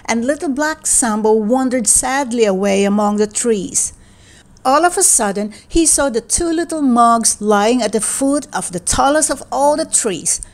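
Slow, gentle woman reading a storybook. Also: a little high, lively intonation. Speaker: read-aloud narrator.

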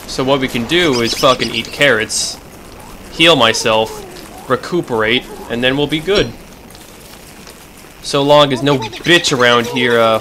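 A man giving profane, excitable commentary while playing a video game, swinging between shouted outbursts and low muttering. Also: poor audio. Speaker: let's play gamer. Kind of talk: gaming commentary.

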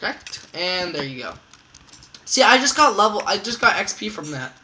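A man casually commentating his own gameplay as host, excitable and repeating catchphrases in a singsong. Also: sits high, slow pace, long pauses, slight background noise, rough recording. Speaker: gamer host.

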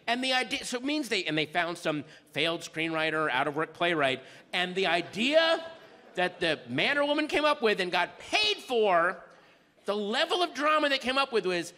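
A man's voice: high-pitched, pushed and bright. A man doing stand-up, ranting in exasperation and acting out voices, on a stage mic in a large venue. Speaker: stand-up comedian. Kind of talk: stand-up set. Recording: reverberant stage with faint noise.

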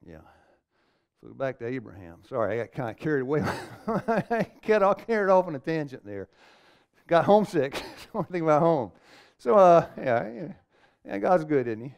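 Lively preacher man quizzing his audience. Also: a little high, moderate pace, vocal fry, clean tone. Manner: animated, questions the audience and calls for amens. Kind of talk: seminar sermon. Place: meeting room with a live audience.

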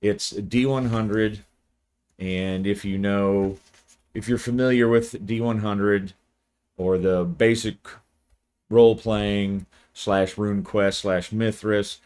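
A man, hosting his channel and giving a relaxed, rambling video review. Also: fairly low pitch. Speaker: channel host, game reviewer.

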